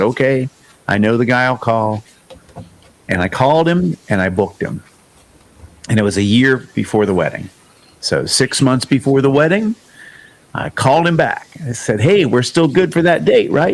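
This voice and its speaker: A man hosting a music podcast, telling a story in a casual, lively way and acting out the quoted lines. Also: medium pitch, normal speed. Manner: animated storyteller, acts out quoted dialogue. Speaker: podcast host and singer.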